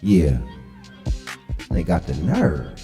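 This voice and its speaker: A man with a very low, dark voice reacts to a clip in a relaxed, slangy drawl. His voice carries a long hall reverb, with faint music in the background. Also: extremely slow. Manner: laid-back, slangy, drawling. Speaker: host. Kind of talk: live reaction commentary.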